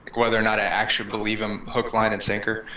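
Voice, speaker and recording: A man playing in a tabletop game, asking eager, quick questions. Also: fairly low pitch, completely flat delivery, pushed and bright, a little hiss or hum. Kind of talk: casual game chat. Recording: echoey room.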